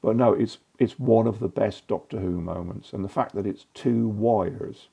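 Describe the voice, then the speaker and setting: A man's voice: on the low side, normal speed, creaky, dark tone, slightly rough. A man, a guest on a podcast, talking with dry wit. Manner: dry, witty delivery. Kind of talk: casual chat.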